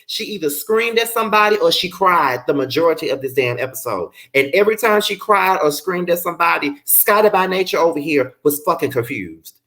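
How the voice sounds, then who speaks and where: A man's voice: high voice, pushed and bright. A man casually reviewing a reality show, exasperated and profane, often incredulous. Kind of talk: casual commentary vlog.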